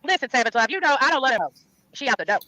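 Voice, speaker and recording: A woman's voice: high voice, very animated, bright, forceful tone, heavily acted, rough recording. A woman voicing a brash, crude man who mocks and taunts the others. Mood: mocking. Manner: taunting, crude, rapid-fire mockery. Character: brash, trash-talking man named Benny.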